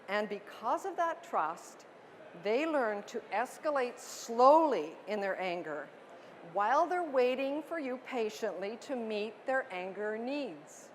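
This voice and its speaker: Middle-aged female parenting speaker, light higher voice, emphatic and earnest presenter. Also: slight background noise. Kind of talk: presentation to an audience. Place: book expo talk.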